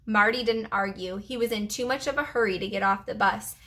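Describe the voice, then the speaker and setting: A woman teacher reading a children's chapter book aloud to her preschool class, with expressive storytelling. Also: medium pitch, a little fast.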